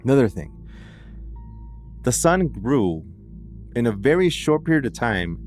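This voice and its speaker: Over soft background music, a podcast host retells a case in casual storytelling narration, his medium-pitched voice very animated at a measured pace with frequent pauses. His chatty delivery is packed with "like"s and restarts.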